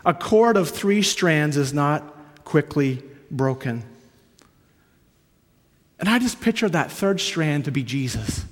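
A man from Canada preaching a sermon, earnest and storytelling, moving between hushed and emphatic. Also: fairly high pitch, animated, takes it slowly, long pauses. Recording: long hall reverb.

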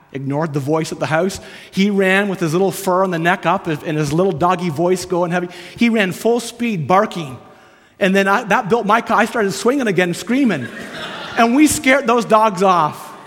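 A man from Canada preaching a sermon, earnest and storytelling, moving between hushed and emphatic. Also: fairly high pitch. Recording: long hall reverb.

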